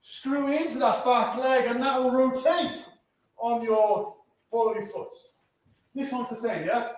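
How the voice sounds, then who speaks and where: A man's voice: very high-pitched, a little slow. A man teaching a karate class, giving instructions and checking in with a frequent "yeah?". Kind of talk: teaching a martial arts class. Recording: echoey room from a distance.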